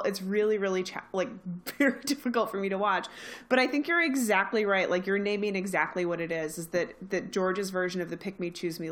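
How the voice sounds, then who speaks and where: A young woman co-hosting a podcast, emphatic and animated in casual chat. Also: fairly low pitch. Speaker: podcast co-host.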